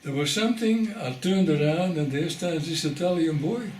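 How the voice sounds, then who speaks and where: An older man from the Netherlands giving an oral history testimony, telling his story in a measured way and pausing for weight. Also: on the high side, a little mellow, echoey room, slight background noise. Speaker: interviewee.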